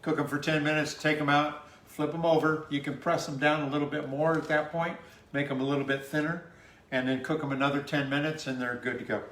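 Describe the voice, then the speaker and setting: A man's voice: fairly high pitch, flat delivery, brisk, a bit bright, echoey room, slight background noise. A man co-hosting a casual cooking stream from a home kitchen, explaining steps with many fillers. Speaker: cooking show co-host. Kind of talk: casual recipe instructions.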